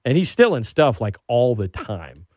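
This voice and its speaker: A man hosting a casual talk show, an animated storyteller who gets worked up. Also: mid-range voice, normal speed, no room sound, studio quality. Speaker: podcast host. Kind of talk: casual chat.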